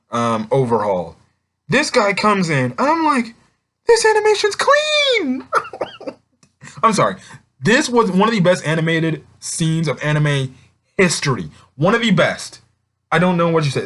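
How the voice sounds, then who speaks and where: A young man excitedly reviewing an anime film in a rambling casual way, with lots of fillers and restarts. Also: medium pitch.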